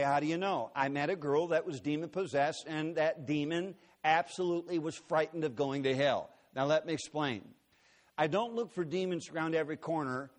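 A man preaches in a big auditorium, his voice pitched somewhat high. He tells his story earnestly and dramatically, acting out the quotes as he goes. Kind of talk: sermon storytelling. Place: large auditorium.

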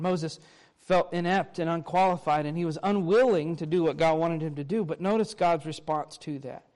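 A man's voice: on the high side, a little mellow. A man preaching a sermon, reading scripture aloud and then explaining it to the congregation. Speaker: pastor.

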